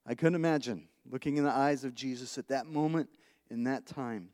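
Chatty pastor preaching in an echoing hall. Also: male voice, medium pitch, normal speed, a little mellow. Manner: conversational, chuckles often, repeats words as he searches; asks the congregation questions. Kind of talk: sermon. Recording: long hall reverb.

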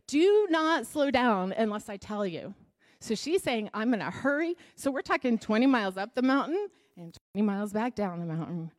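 A woman gives a sermon in a relaxed, conversational way. Her voice sits a little high. She keeps turning to the listeners with questions as she retells a Bible story. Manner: conversational, asks the audience questions. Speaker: Bible teacher.

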